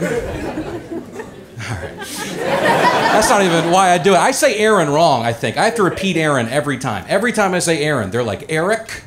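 Brief: higher-voiced Alabama man, Southern accent, chatty stand-up, crowd laughing. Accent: Alabama Southern American. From Alabama, USA. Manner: self-mocking, conversational storytelling. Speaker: stand-up comedian. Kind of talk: stand-up set. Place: comedy club stage. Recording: live stage set with laughing crowd.

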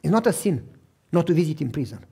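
A middle-aged male pastor telling stories in a sermon, animated and acting out the voices he quotes. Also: fairly high pitch, fast talker, creaky, breathy edge. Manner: animated, acts out quoted voices, repeats for emphasis. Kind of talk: storytelling sermon.

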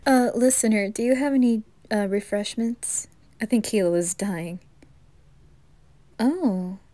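A woman's voice: medium pitch, darkish tone, natural voice. A woman voicing a chatty, playful teenage boy who gushes over food in a whispered role-play.

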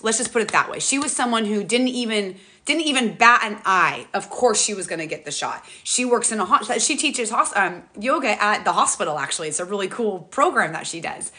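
A middle-aged woman chatting on a livestream, talking fast and rambling with many restarts, often emotional and animated. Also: mid-range voice. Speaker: livestream host. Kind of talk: casual livestream chat. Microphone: tablet mic, close.

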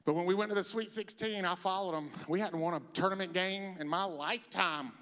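Comedian guy on stage, storytelling, jumps into loud squeaky bits, reverby hall. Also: fairly quick. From South Carolina. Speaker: stand-up comedian. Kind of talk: stand-up comedy set.

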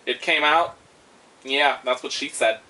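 A man's voice: mid-range voice, unhurried, noisy background. A young man giving casual, rambling commentary on a video game he is playing, joking and swearing as he goes. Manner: rambling, joking, profane, silly asides. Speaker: let's play commentator. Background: game music.

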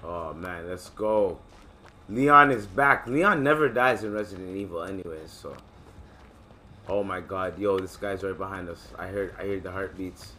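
Bright-voiced young man gaming. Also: low-pitched, normal speed, a little hiss or hum. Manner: excitable, profane, joking. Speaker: gaming channel host. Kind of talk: casual gameplay commentary.

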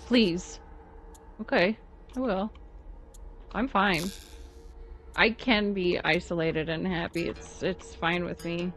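A woman streaming a video game live, reacting with excitable commentary and frequent swearing and apologies. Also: fairly low pitch, slow pace, pauses often, faint music behind.

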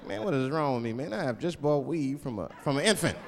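A man's voice: fairly high pitch, lively intonation, quick pace, vocal fry, slight background noise. A male stand-up comedian telling a laid-back, profane story on a theater stage. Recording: hall reverb, loud crowd laughter.

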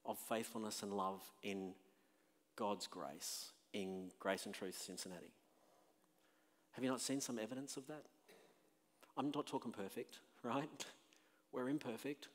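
Man, pastor, sermon, emphatic, loud peaks and soft questions, mid pitch, long church reverb. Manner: emphatic, rising and falling between loud exclamations and quiet questions. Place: church sanctuary.

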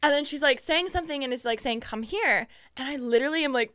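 A young woman tells a story on a podcast, excitable and quick to act out every quote. Her voice is bright and clear, fairly high, and close and dry on the mic. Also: no room sound. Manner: excitable, lots of "like" fillers, acts out quotes. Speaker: podcast guest. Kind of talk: casual storytelling.

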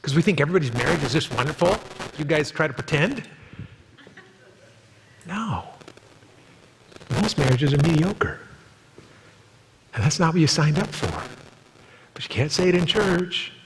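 A man's voice: lively intonation, moderate pace, vocal fry, pauses often, in a large hall, background noise. A man preaching a sermon as a pastor, telling stories and acting out the people in them. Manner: storytelling, acting out quoted voices in a higher pitch. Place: church sanctuary.

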